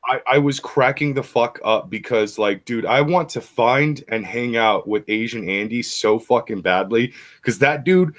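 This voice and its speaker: A man in a loose group chat on a live stream, mid-pitched and ordinary in tone. He tells stories in an excitable rush and swears constantly. He is quick to laugh. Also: no room sound.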